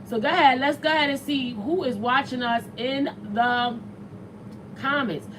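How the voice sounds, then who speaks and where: A woman's voice: high-pitched, normal speed, background noise. Chatty slangy woman hosting a morning show. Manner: chatty and animated, slangy, reads viewer comments aloud. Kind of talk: casual talk show chat.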